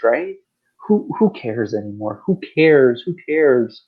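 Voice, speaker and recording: A man's voice: mid-range voice, lively intonation, takes it slowly, breathy edge, highs cut off. A man co-hosting a podcast, ranting about politics in a heated, sarcastic, repetitive way. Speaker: podcast co-host. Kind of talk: political rant.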